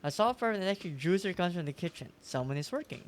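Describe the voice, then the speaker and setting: A man's voice: sits high, expressive, fast talker, slight background noise. A man streaming a game, chatting casually, laughing and reading text aloud. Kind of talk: casual gameplay commentary.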